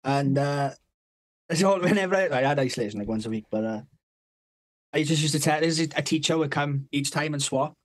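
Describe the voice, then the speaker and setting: A young man chatting on a podcast, a touch higher-pitched than most men, who spins long, loose stories about home and school. He swears freely and keeps breaking into laughter as he goes. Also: fairly quick. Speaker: podcast co-host. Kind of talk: casual storytelling chat.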